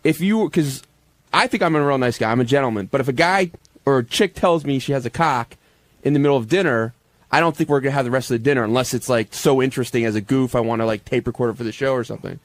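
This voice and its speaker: A man's voice: mid-range voice, no echo. Stammering man on a dry studio mic. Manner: halting, stammering storyteller. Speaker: show staffer. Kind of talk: casual radio talk.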